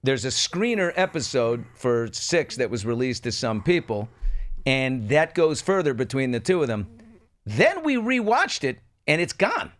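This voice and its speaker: A man chats on a talk show in a playful, gossipy manner. His voice sits at a middle pitch but swings widely as he tells a story. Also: very animated, a little slow, a bit bright. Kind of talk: casual talk show chat.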